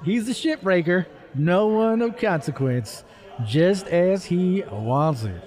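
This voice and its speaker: A man's voice: high-pitched, animated, slow pace, a little mellow, voice pushed up. A man putting on an exaggerated Southern drawl to read a book blurb aloud, stumbling over long words. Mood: hammy drawl. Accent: put-on American Southern.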